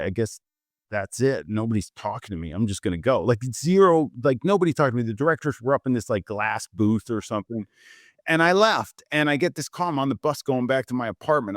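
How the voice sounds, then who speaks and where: A middle-aged man tells stories in a relaxed interview, full of "like" and acted-out quotes. His voice sits at an ordinary pitch. The mic is close and dry, with no room sound. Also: no echo. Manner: animated storyteller who acts out quotes with lots of "like". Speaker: guest photographer. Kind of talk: casual storytelling interview.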